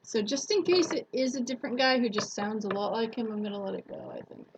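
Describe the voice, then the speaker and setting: A woman's voice: on the high side, expressive, fast talker, a crowd in the background, low-quality recording. A woman YouTuber chatting casually on a live stream who laughs often and retells stories with acted-out quotes.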